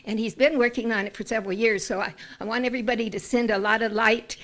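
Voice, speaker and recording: A woman's voice: on the high side, fairly even intonation, quick pace, fairly bright tone. A woman talking to a congregation about a friend, rambling and hesitant with many fillers. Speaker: congregation member making an announcement. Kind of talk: casual announcement to a congregation.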